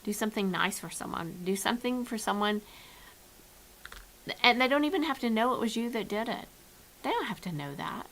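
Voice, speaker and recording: A woman's voice: on the high side, expressive, normal speed, gravelly, long pauses, fairly bright tone, slight background noise, low-quality recording. Earnest woman giving a homespun devotional. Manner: earnest, repeats and restarts words. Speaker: church devotional speaker. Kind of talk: informal devotional message. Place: at home, with her dog nearby.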